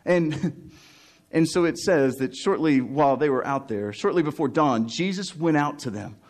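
High-voiced, animated male preacher. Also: moderate pace. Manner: animated storytelling, acts out voices, chuckles often. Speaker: pastor. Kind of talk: sermon.

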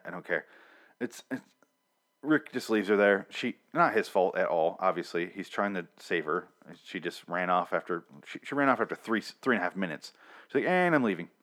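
A man's voice: deep voice, a bit bright. A profane, ranting man. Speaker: TV episode recapper. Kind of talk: casual spoken recap.

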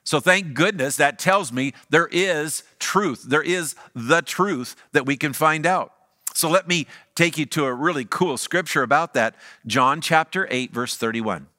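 A man's voice: on the high side, measured pace, bright, forceful tone, no room sound, clean studio sound. A middle-aged man preaching a sermon as pastor, emphatic and repeating his key lines.

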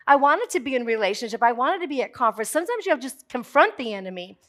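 A woman pastor preaching a sermon to her congregation, emphatic and building to forceful declarations, with jokey asides. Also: sits high, sing-song, quick pace.

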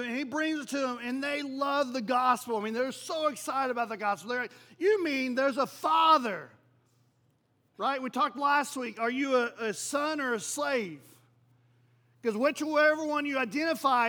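High-voiced man preaching conversationally. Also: pushed and bright. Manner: conversational preaching, frequent "right?" asides. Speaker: pastor. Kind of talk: sermon.

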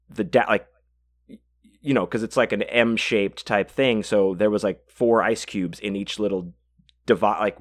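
A podcast host, a man, telling a long story in a casual, rambling way, swearing freely and stopping often to restart his sentences. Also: on the low side. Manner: rambling, profane, many fillers and restarts.

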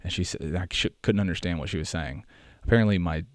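A man's voice: low-pitched, fast talker, dry recording, clean studio sound. A young American man hosting a podcast, talking in a rambling, chatty way and often correcting himself. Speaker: podcast host. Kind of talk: casual monologue.

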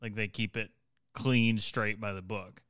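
Man, podcast co-host, casual storytelling, repeats for emphasis, low voice, dry close sound. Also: steady tone, unhurried, a bit bright, no room sound.

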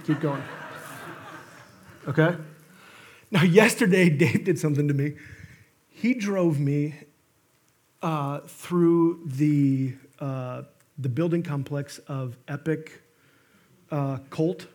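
A male pastor delivers a sermon, his voice high and husky. He tells stories with energy and swings into sudden emphatic bursts. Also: slow, long pauses. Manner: animated storytelling with emphatic bursts and asides. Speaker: guest pastor.

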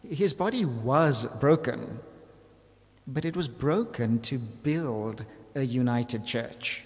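A man preaching a sermon in a lively, conversational way, asking his listeners rhetorical questions. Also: medium pitch, slow, in a large hall.

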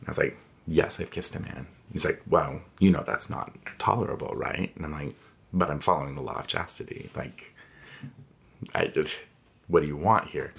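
A man's voice: extremely low pitch, creaky, fairly bright tone. A man in his thirties telling a personal story candidly and reflectively, with frequent fillers. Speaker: interviewee.

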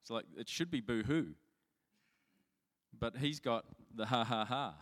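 A man's voice: mid-range voice, a little slow. A man delivers a sermon in a loose, conversational way, often stopping to restart a sentence and poking fun at himself. His voice sits in an ordinary middle range. The sound rings out with a long reverb, as in a large hall. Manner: chatty, self-mocking storytelling with many restarts. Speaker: pastor.

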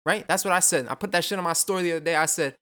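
A young man hosting a solo podcast, talking fast and casually with a lot of swearing, rambling off on tangents and throwing in self-mocking jokes. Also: on the high side, bright, forceful tone. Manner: rambling, profane, goes off on tangents; jokey, self-mocking asides. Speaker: podcast host.

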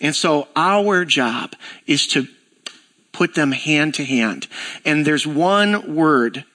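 Bright-voiced man preaching a conversational sermon. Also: on the high side, slow pace. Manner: conversational, animated storytelling with acted-out dialogue. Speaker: pastor. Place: church.

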